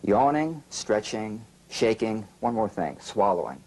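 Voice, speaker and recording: Calm low-voiced man coaching relaxation. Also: a little hiss or hum. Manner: calm, slow instructions with gentle prompts. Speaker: voice and breathing coach. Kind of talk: guiding a relaxation exercise.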